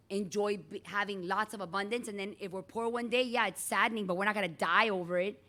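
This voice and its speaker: A middle-aged woman teacher giving a chatty, animated lecture in a classroom and calling on students by name. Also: mid-range voice, fast talker, hardly any pauses.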